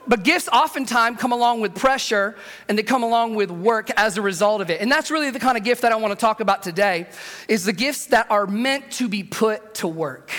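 A man's voice: high voice, moderate pace, pushed and bright. A man preaching a sermon as pastor, telling humorous stories energetically and leading the congregation in call-and-response. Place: church auditorium. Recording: long hall reverb.

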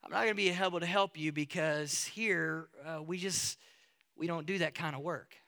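A man doing a gruff old Southern painter. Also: on the high side, normal speed, sharp tone. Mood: firm, fatherly.

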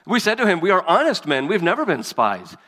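A man's voice: sits high, huge pitch swings, a little fast, sharp tone. A man reading scripture aloud and preaching as a pastor, earnest and emphatic. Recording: long hall reverb.

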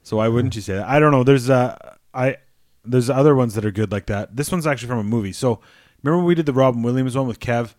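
A man's voice: medium pitch, fast, a little mellow, no room sound, clean studio sound. A man in his thirties co-hosting a podcast, swearing freely and rambling with restarts in crude casual banter. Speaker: podcast co-host.

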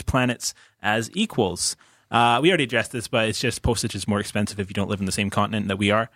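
A man's voice: medium pitch, fairly bright tone, no room sound. A man co-hosting a casual podcast, reading listener questions aloud and answering them in an easygoing way. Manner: easygoing, agreeable, laughs along. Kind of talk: casual chat.

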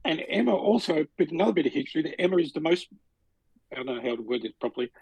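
Racing along with lively intonation, a middle-aged podcast co-host has a fairly high pitch and a gravelly, husky, darkish voice. His casual chat is chatty, rambling storytelling full of restarts. The audio is poor but has no echo.

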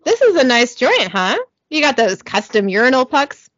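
A woman's voice: high voice, sing-song, normal speed, a bit bright, dry recording, dull audio, full character voice. A woman reading the lines of a cocky male hunter who acts drunk. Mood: brash.

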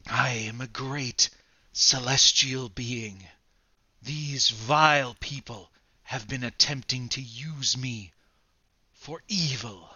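A man putting on the voice of an otherworldly celestial being trapped in an object, speaking slowly in a sweet, deep tone and begging to be freed. The sound is very bright but muffled and lo-fi, in a dry space. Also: slightly rough, no room sound, heavily acted. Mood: solemn pleading. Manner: slow, solemn pleading. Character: trapped celestial being, vaguely male, pleading.

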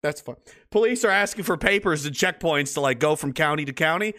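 A man's voice: on the high side, a little fast, bright, forceful tone. A man from Nova Scotia hosting a livestream, reading comments in rambling, profane chat and laughing often. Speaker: host.

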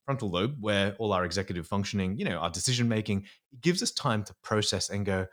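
Earnest man, lowish voice. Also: lively intonation, quick pace, hardly any pauses, a bit bright. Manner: earnest, explanatory, slips into acting out inner voices. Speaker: psychologist guest. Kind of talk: podcast interview.

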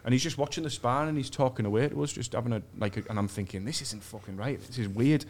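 A man's voice: medium pitch, quick pace. A man from England, telling crude, sweary stories on a podcast and acting out other people's lines. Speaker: podcast guest. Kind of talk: storytelling in casual chat. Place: podcast studio.

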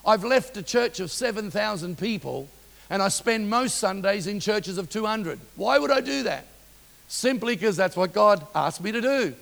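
Gravelly New preacher in a hall. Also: male voice, sits high. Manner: impassioned storytelling, rising to loud exhortation. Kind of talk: sermon. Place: church hall. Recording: long reverb of a large hall.

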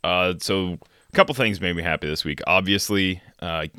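A man's voice: deep voice, moderate pace, sharp tone, clear, resonant tone, dry recording, clean studio sound. A man co-hosting a podcast from home, talking in a laid-back, hesitant way with many fillers. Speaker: podcast co-host. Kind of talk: casual podcast chat. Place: home room.

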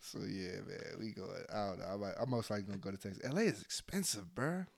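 A young man in casual chat, laid-back and slangy, often trailing off into a quiet mumble. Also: lowish voice, very animated, fast talker, vocal fry.

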